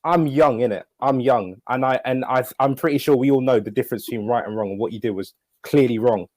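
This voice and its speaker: A man's voice: mid-range voice, fast, a little mellow, no room sound. A nineteen-year-old man, earnestly and indignantly calling someone out on a live-stream panel. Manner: earnest, indignant, restarts often. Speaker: panel member. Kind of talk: stream call-out.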